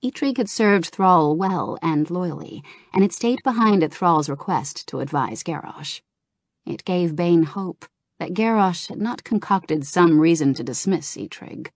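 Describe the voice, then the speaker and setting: Low, calm female narrator, dry. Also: measured pace, dry recording. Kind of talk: audiobook narration of a game novel.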